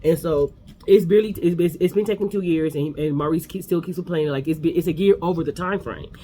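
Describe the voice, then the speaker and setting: Fast-talking high-voiced gossipy man. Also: a little hiss or hum. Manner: animated, gossipy, acts out quotes. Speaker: recap host. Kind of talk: casual reality TV recap.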